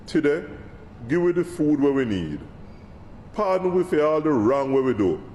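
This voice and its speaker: A Jamaican reverend speaking earnestly in an interview and reading scripture. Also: male voice, a little high, very animated, normal speed, a little mellow, dull audio, a little hiss or hum. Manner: earnest, explanatory.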